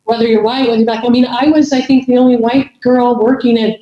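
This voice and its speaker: A woman's voice: a little high, flat delivery, fast, a crowd in the background. Rambling woman on echoey dull audio. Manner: rambling, many restarts and fillers. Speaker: guest. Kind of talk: casual conversation.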